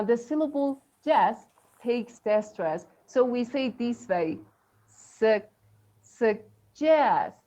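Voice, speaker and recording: Woman co-host, unhurried teacher, light high voice, loose filler-heavy delivery. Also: a little mellow, lo-fi sound. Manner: chatty, many fillers, laughs often. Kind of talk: casual live English lesson.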